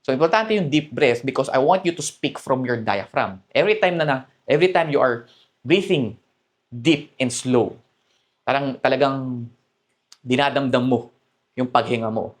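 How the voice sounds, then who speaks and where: A man with a Filipino accent talks through a dating lesson at an ordinary mid pitch. He explains points casually, mixing Tagalog and English and pausing to ask "okay?". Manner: mixes Tagalog and English, repeats "okay?" to check in. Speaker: dating coach. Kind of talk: coaching talk to camera.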